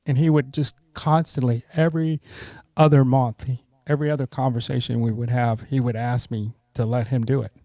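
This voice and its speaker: A middle-aged man talks as a podcast guest, easygoing and unhurried, sometimes acting out the voices of old friends. His voice is dark and mellow. The sound is dry and close, with no room echo. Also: medium pitch. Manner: relaxed, warm, acts out quoted friends. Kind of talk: casual storytelling.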